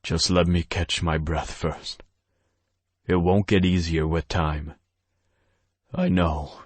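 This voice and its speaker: Guy doing a weak dying young man, low husky voice, slow and worn out. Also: little pitch movement, no room sound, exaggerated voice. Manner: weary, breathless.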